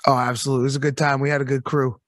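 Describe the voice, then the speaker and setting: A man's voice: mid-range voice, little pitch movement, racing, fairly bright tone, no room sound, clean studio sound. A man telling stories as a guest in a casual podcast chat, laid-back and joking.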